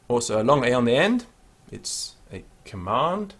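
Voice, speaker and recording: A man giving a Latin pronunciation lesson, chanting each phrase slowly and then explaining the sounds. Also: medium pitch, very animated, a bit bright, slightly rough. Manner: slow, deliberate, sings out each Latin word then explains. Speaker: Latin teacher.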